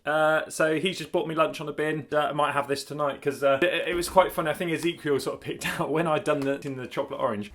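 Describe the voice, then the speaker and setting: A man's voice: fairly high pitch, fairly bright tone. A man vlogging in casual chat, rambling, laughing often and correcting himself as he goes. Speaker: cycling vlogger.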